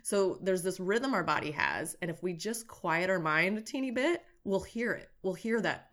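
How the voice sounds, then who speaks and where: A woman nutritionist talking as a guest in a casual interview, lively and animated, acting out little quotes with big jumps in pitch. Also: moderate pace, few pauses.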